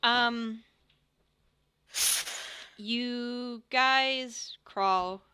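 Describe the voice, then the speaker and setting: A woman runs a tabletop game, slowly narrating and pausing with fillers as she describes each scene. Her voice is bright and crisp. The recording is dry and close. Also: fairly high pitch, dry recording. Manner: halting, filler-heavy description. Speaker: game master.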